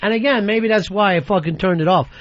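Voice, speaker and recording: High-voiced, foul-mouthed radio host. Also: male voice, fast talker, slight background noise. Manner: animated, profane, laughs through stories. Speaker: radio talk show host. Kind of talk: profane storytelling chat. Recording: lo-fi radio broadcast recording.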